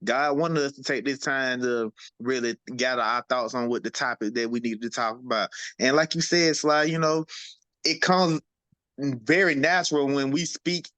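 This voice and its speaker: A man's voice: medium pitch, moderate pace, a bit bright, no echo. A man co-hosting a casual podcast, laid-back and earnest, often saying "you know what I'm saying". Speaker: podcast co-host.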